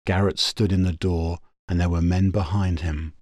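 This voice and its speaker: A man narrating a pulp science-fiction story in a steady, measured audiobook reading. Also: deep voice, no echo.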